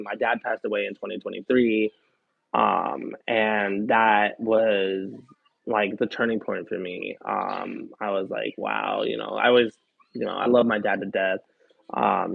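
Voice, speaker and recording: A man's voice: on the low side, vocal fry, breathy edge, dry recording. A man live streamer chatting casually, telling a personal story in a rambling, candid way with lots of fillers. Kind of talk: casual chat. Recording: tinny phone-like dry sound.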